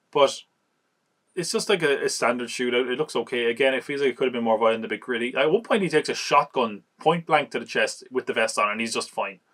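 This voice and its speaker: A man casually reviewing an action movie on a podcast, chatty and amused, recapping scenes and acting out quick quotes. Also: mid-range voice, a bit bright.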